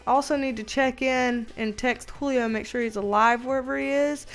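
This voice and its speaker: A woman's voice: sits high, steady tone, normal speed, soft background music. A Southern American woman in casual livestream chat from home, rambling and talkative, laughing often as she greets viewers. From Southern United States. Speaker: livestream host.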